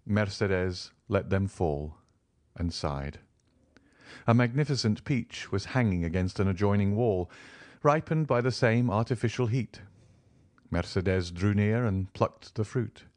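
A man narrating a classic novel for an audiobook in a measured, expressive way. His voice is on the low side, and the recording is dry, close and free of room sound. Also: no room sound. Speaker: audiobook volunteer reader.

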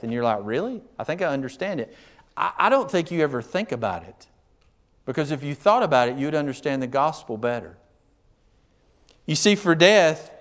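A man preaching a sermon in a conversational tone that swings from quiet asides to emphatic questions. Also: mid-range voice.

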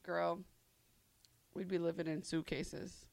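A woman in casual podcast chat, telling animated stories, acting out quotes and laughing often. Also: on the low side, slow, vocal fry, no echo.

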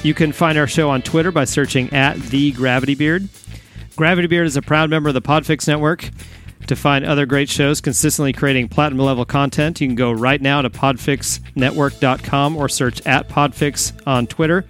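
A man's voice: fairly high pitch, fairly even intonation, a little fast, fairly bright tone, soft background music. A man co-hosting a podcast in casual chat, friendly and encouraging. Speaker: podcast co-host.

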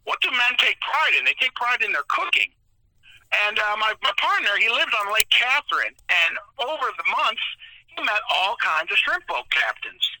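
A man chatting on a podcast, telling animated stories about his seafood side business. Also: sits high, moderate pace, no room sound, poor audio. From moved to New Orleans area in 2000. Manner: animated storyteller, chatty and enthusiastic. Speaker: guest, seafood business owner. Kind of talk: casual podcast storytelling.

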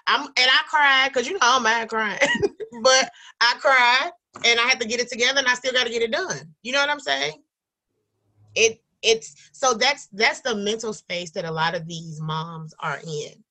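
A woman's voice: a little high, moderate pace, sharp tone. A young adult woman, a single mother who runs a support group, talking earnestly and emotionally in a casual conversation, close to tears at times.

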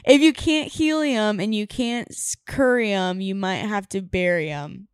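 A woman's voice: fairly high pitch, expressive, unhurried, hardly any pauses, clear, resonant tone, no room sound, clean studio sound. Giggly young woman podcast host. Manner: chatty, giggly, lots of "like". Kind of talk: casual podcast chat.

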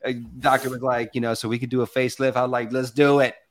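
A man from the American South gives a motivational talk from his office over a video call, middle-pitched and easygoing. He speaks animatedly and conversationally, acting out the voices he quotes. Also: flat delivery, quick pace. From Southern United States. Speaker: guest speaker.

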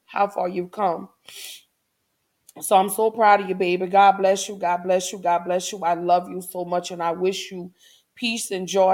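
A woman hosting her podcast, talking warmly and encouragingly to her listeners in a casual, heartfelt way. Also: medium pitch. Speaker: podcast host. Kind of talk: casual affirming talk to listeners.

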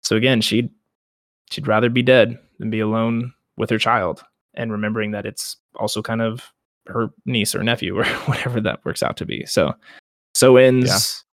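Young male podcast co-host, casual, animated storyteller, dry mic. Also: lowish voice, moderate pace, no echo. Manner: animated retelling, acts out quotes, laughs often. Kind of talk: casual book discussion.

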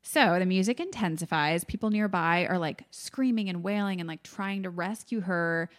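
A woman's voice: lowish voice, moderate pace. A woman co-hosting a podcast, recapping a film in casual chat, full of "like" fillers and acting out lines. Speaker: podcast co-host.

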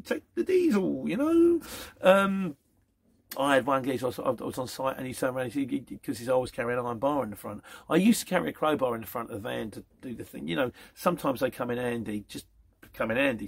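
A middle-aged man, chatting casually through viewer questions as the host of a van courier channel, rambling and plain-spoken. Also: mid-range voice. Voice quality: gravelly, husky.

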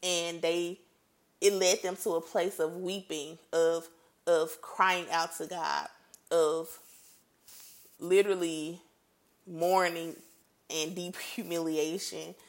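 A woman giving a casual Bible teaching. She reads scripture aloud and comments on it in a lively, conversational way. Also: lowish voice, slow, long pauses. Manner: animated and conversational, reads scripture then reacts playfully.

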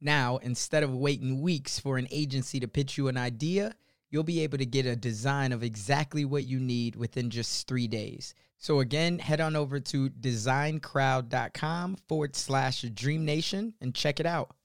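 A male podcast host with a mid-pitched, smooth, resonant voice. He talks casually into a close microphone, and the sound is dry with no room around it. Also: normal speed, no echo. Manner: casual, conversational. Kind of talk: podcast interview and read ad.

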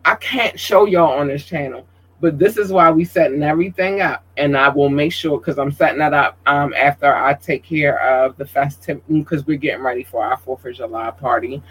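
A fairly high-voiced man with a drawl chats loosely on his livestream. He talks with open emotion, plain-spoken and cursing freely, in an animated, heart-on-sleeve way. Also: normal speed, slightly rough, low-quality recording. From Georgia, USA. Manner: emotional, outspoken, profane, animated. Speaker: livestream host. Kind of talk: casual livestream chat.

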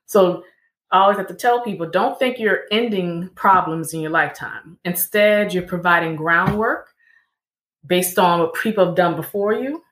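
A woman's voice: on the low side, moderate pace, fairly bright tone. A woman answering interview questions in an emphatic, lecturing way, often listing examples. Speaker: guest. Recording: echoey room.

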